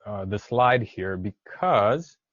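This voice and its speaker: A man's voice: on the low side, expressive, slow pace, a bit bright, no room sound. A man teaching a virtual class lesson, encouraging and repeating words for students to say back, and switching to some Spanish for part of the class. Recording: dull lo-fi dry sound.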